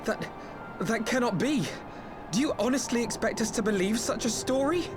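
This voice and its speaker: High-voiced young game scholar, formal, lively, with music. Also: male voice, normal speed. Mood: indignant. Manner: indignant, formal speech.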